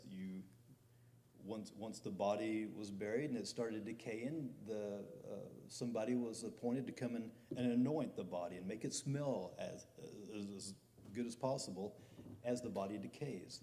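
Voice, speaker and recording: A man's voice: on the low side, dark tone, slight background noise. A middle-aged man preaching a conversational sermon as pastor, building to emphatic peaks.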